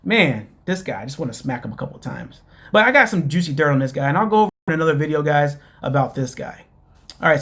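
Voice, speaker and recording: A man rambles through a reality-show recap in a loose, mocking way, packing his talk with fillers. His voice sits fairly high for a man. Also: fairly bright tone. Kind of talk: casual recap commentary.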